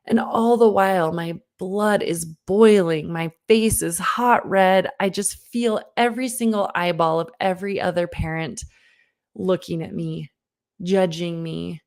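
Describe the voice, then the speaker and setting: Woman parenting coach, thirties, earnest, speaks straight to the listener, lively storytelling. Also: lowish voice, a little slow. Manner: earnest, direct address to the listener; lively storyteller who acts out her own past lines. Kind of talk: online workshop talk with personal story.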